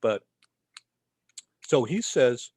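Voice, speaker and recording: A man's voice: medium pitch, animated, very slow, darkish tone, slightly rough, no echo. A man from the Boston area, a guest telling a rambling story in a casual interview and tagging his lines with "okay?". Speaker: guest, magazine publisher.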